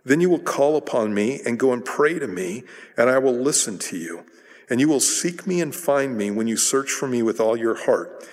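A middle-aged man preaching a sermon as pastor, telling stories in a relaxed, conversational way with frequent restarts. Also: mid-range voice, moderate pace. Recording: long hall reverb.

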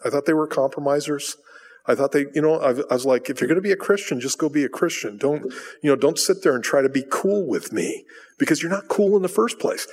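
A man's voice: a little high, darkish tone. A man preaching a sermon as a pastor, emphatic, asking rhetorical questions and answering them himself. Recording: long reverb of a large hall.

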